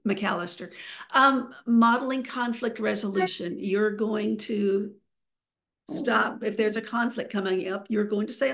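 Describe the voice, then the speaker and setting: A woman's voice: medium pitch, gravelly, a bit bright. A woman giving a webinar presentation over a video call, talking with many fillers and restarts.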